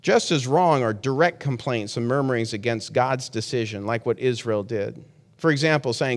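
A man's voice: mid-range voice, moderate pace, big-room sound. A man preaching a sermon in an earnest, conversational way, often restarting his sentences.

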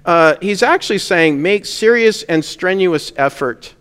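Male pastor, smooth resonant voice pitched a bit high, earnest sermon delivery, long church reverb. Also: animated, a little slow, fairly bright tone. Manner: earnest preaching, rising to emphatic peaks on key words.

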